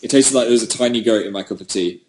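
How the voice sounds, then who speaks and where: A man's voice: fairly low pitch, racing, a little mellow, a little hiss or hum. Chatty man livestreaming from home. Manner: chatty, rambling, self-deprecating. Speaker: livestream host. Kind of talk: casual livestream chat answering viewer comments.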